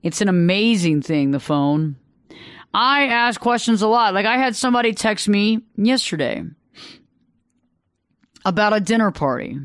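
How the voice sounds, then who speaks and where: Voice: mid-range voice, animated, unhurried, pauses often, a bit bright, smooth, no echo. A radio talk show host speaking earnestly into a studio microphone, telling stories and repeating phrases for emphasis. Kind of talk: solo talk radio monologue.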